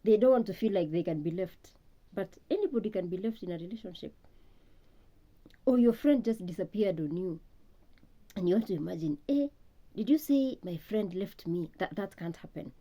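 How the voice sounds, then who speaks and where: A woman's voice: mid-range voice, mellow. A woman giving an earnest, reflective talk on grief and loss, often repeating words as she searches for them. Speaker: speaker on healing from loss.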